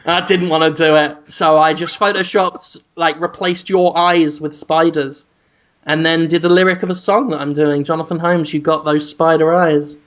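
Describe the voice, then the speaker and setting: A man's voice: a little high, fairly even intonation, normal speed, fairly bright tone. A man co-hosting a podcast in casual chat, full of crude, joking banter and frequent restarts. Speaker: podcast co-host.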